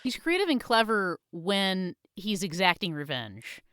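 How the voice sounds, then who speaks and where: A woman co-hosts a casual podcast chat, her voice smooth and clear. She retells movie scenes with frequent laughs, recorded close and dry. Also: medium pitch, very animated, measured pace, a bit bright, dry recording. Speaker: podcast co-host.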